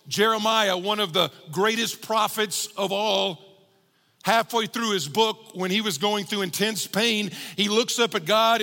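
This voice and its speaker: A male pastor delivers a sermon in a slightly higher-pitched voice with a gravelly texture. He sounds earnest and grows more emphatic as he presses his points. A long reverb from a large hall trails after his words. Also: bright, forceful tone. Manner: earnest, building to emphatic preaching.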